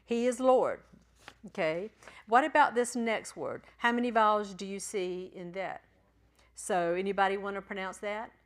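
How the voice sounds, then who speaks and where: A woman teaching a church class, patiently spelling out letters and sounding out syllables slowly. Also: medium pitch. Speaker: Bible Greek teacher.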